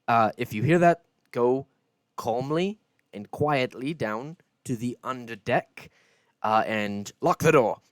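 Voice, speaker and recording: A man voicing a dwarven sea captain in his fifties. The captain makes a loud, rambling announcement full of hesitations. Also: medium pitch, takes it slowly, no echo, close to an everyday voice. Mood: emphatic.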